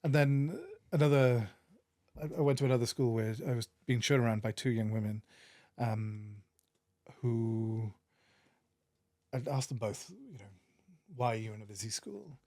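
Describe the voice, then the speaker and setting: A man with a Welsh accent, a podcast guest telling stories in an earnest, animated way with many restarts. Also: medium pitch, normal speed, dry recording, clean studio sound. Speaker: podcast guest, managing director. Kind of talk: casual interview storytelling.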